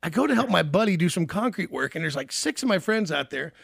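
A man's voice: sits high, very animated, fast talker, vocal fry, fairly bright tone, breathy edge, dry recording, studio quality. A man hosting a radio show, chatty and enthusiastic, laughing often with his guest. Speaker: radio host. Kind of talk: casual radio interview.

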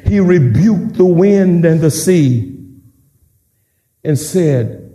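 Male pastor, high and lively, slow dramatic sermon, roomy church sound. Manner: dramatic, repetitive call-and-response preaching.

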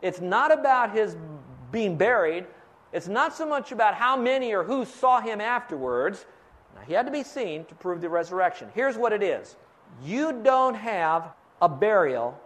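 Guy preaching a sermon, kinda high voice, keeps quizzing the crowd to fill in blanks. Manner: teaching, quizzing the congregation for fill-in answers. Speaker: pastor.

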